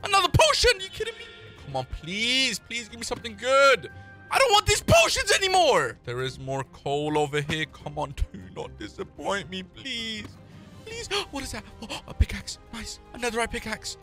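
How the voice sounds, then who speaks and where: A young man giving excited gameplay commentary, hyped and yelling complaints at the game. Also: very high-pitched, normal speed, faint music behind. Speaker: gaming YouTuber.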